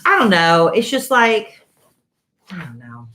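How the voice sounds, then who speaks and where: A woman's voice: on the low side, big pitch swings, slow, pushed and bright. A woman co-hosting a casual podcast, making blunt, sarcastic remarks. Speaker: co-host.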